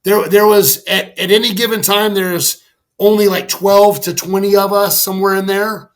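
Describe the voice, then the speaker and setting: A middle-aged man, a podcast guest, telling a story in a candid, animated way, with lots of "like" and casual swearing. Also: sits high, normal speed. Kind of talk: conversational storytelling.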